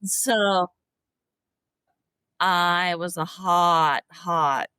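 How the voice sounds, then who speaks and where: A middle-aged woman, a podcast guest, telling stories in an animated, expressive way. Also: lowish voice, extremely slow, smooth, no echo. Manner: animated, expressive, often laughing. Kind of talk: emotional storytelling.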